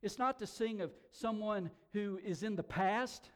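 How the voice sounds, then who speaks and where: High-voiced pastor preaching with dramatic swings. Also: male voice, unhurried. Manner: dramatic storytelling, swinging from hushed whispers to shouts; repeats words as he restarts phrases. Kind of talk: sermon. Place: church hall, also broadcast on air.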